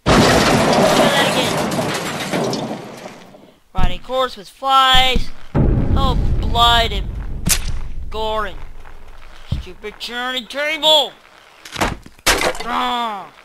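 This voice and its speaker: Exasperated teen gamer yelling at the screen. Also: male voice, very high-pitched, very noisy. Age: teens. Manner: exasperated, quick to groan and yell at the game. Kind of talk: let's-play commentary.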